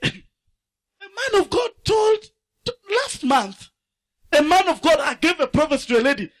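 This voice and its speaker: High, bright-voiced fiery preacher man. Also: sing-song, a little slow. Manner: fiery, swinging from loud shouts to low asides; asks the congregation to fill in words. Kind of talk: sermon.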